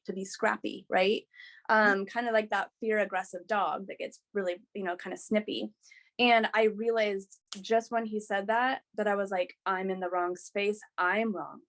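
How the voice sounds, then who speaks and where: A woman guest on a podcast, sharing a personal story in a candid, animated way with frequent restarts. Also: medium pitch.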